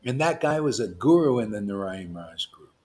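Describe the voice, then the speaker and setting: A man, a spiritual teacher, giving an informal devotional talk, provocative and animated, swinging from loud bursts to hushed asides and laughing often. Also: lowish voice, a little fast.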